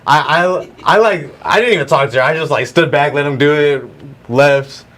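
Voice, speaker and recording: A man co-hosting a casual podcast, telling a story in an animated way and swearing freely. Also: on the high side, normal speed. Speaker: podcast co-host. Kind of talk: casual chat.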